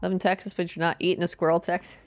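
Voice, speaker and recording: A woman streaming a game live, chatting casually and playfully with her viewers and greeting them in a high sing-song voice. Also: level tone, racing, soft background music. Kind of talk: casual live-stream chat while gaming.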